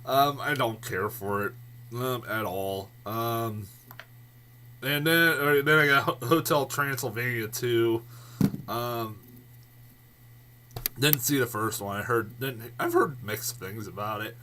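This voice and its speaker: A man giving a casual, rambling movie review vlog, swearing freely, laughing often and getting loud and worked up. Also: mid-range voice, slow, long pauses.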